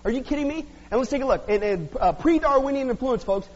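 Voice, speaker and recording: A man's voice: extremely high pitch, animated, quick pace, darkish tone. A man pastor preaching a sermon in a joking, sarcastic way to his congregation. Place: church hall. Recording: dull lo-fi audio with long hall reverb.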